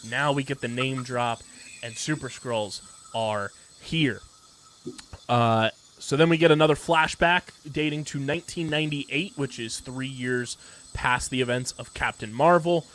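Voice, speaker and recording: A man's voice: mid-range voice, moderate pace, fairly bright tone. Enthusiastic man recapping a TV episode. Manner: enthusiastic, rambling with many "like" fillers. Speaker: podcast co-host. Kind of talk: casual pop-culture podcast chat.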